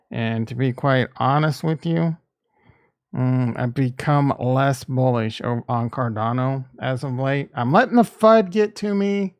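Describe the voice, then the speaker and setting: A man's voice: medium pitch, gravelly, darkish tone, clear, resonant tone. A man hosting a crypto investing channel, talking in a candid, rambling way that is casual and peppered with swearing.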